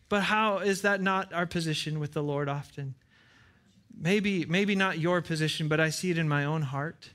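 An earnest male pastor delivers a sermon in a church. His voice sits slightly high, and he repeats phrases for weight. Now and then he acts out a brief back-and-forth to make his point. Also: moderate pace, a bit bright. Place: church with side screens.

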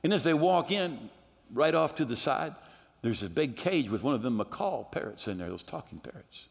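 A male pastor preaching a fervent sermon, rising to shouts at times. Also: medium pitch, very animated, normal speed, gravelly. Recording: echoey hall reverb.

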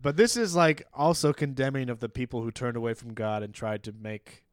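A man's voice: mid-range voice, brisk, no room sound, studio quality. A man casually talking through a novel with a friend, reading excerpts and laughing often. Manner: loose and playful, reads excerpts, laughs often. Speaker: podcast co-host discussing a novel. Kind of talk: casual book-club chat.

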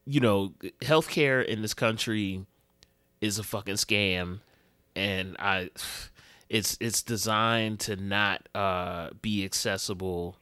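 Man, low pitch, casual podcast co-host, profane street slang, dry close mic. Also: steady tone, takes it slowly, pushed and bright, clean tone, dry recording. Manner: loose, profane street slang, rambling storytelling.

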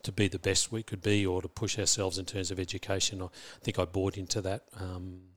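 Lowish-voiced Australian man, reflective. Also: little pitch movement, a little fast. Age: middle-aged. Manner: thoughtful, many restarts and repeats. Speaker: school principal. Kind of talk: reflective interview talk.

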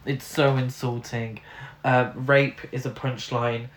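A man's voice: mid-range voice, little pitch movement, takes it slowly, a little hiss or hum. A man co-hosting a casual film review, ranting in an exasperated way with plenty of fillers. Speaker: podcast co-host. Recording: roomy echo.

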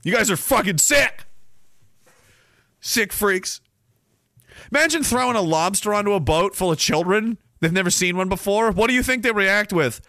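A man's voice: high-pitched, lively intonation, moderate pace, pauses often, pushed and bright, no echo, clean studio sound. A man hosting a podcast, ranting comically and profanely while reading chat, often slipping into mocking voices. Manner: profane, mocking, slips into silly put-on voices. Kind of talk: ranting comedic monologue.

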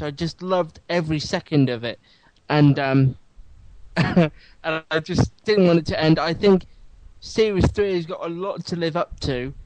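A man's voice: a little high, darkish tone, dry recording, low-quality recording. A man hosts a casual podcast with a slightly raised voice. He talks in a wry, rambling way and gets enthusiastic about shows. The sound is dry and close. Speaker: podcast host.

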